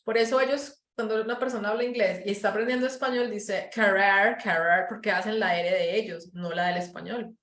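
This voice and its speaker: A woman with a Paisa Colombian accent leads an English class. She explains patiently and says sounds over and over for her students, often switching to Spanish. Her voice is mid-pitched and carries a roomy echo. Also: steady tone, rapid-fire, few pauses. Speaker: English teacher.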